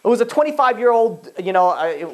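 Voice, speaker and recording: A rabbi giving an informal Torah class. He talks in a rambling, animated way, full of asides and acted-out bits of dialogue. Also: sits high, a little fast.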